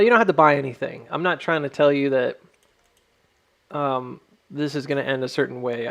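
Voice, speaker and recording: A man's voice: mid-range voice, creaky, fairly bright tone. A man hosting a livestream in casual chat, rambling and full of fillers. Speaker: livestream host.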